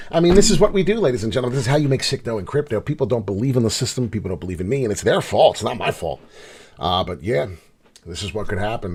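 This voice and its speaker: A middle-aged man hosting a live crypto trading channel, talking casually and swearing in frustration, jumping between loud outbursts and low grumbling. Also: breathy edge.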